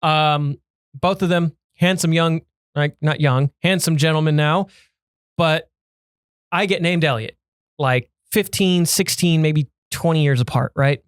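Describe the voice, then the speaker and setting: A young man with a smooth, resonant voice and a slightly raised pitch, chatting on a podcast. He tells stories in an animated way with quick asides, and the studio sound is dry and close. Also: dry recording. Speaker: podcast co-host. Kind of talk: casual chat.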